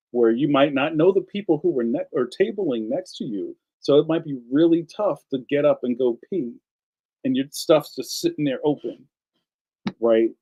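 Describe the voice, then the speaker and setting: A middle-aged man hosting a casual live stream, ranting in an animated way and reading viewer comments aloud. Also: medium pitch, rough recording. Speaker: live stream host, cartoonist.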